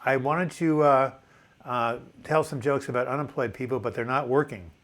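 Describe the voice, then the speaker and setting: A man's voice: mid-range voice, normal speed, fairly bright tone. Older male host, seventies, chatty and upbeat, reads comments aloud, stumbles and restarts words. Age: 70s. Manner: chatty, enthusiastic, repeats words when restarting. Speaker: live chat host. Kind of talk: casual live chat reading viewer comments.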